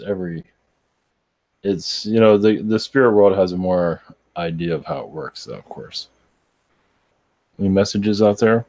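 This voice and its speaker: A man with a deep, low voice answers viewers' questions live as a channeler. He sounds tired and talks in a loose, halting way, with many fillers and restarts. The recording is dry and close. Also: a little mellow, no echo. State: tired, yawning. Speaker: spiritual channeler.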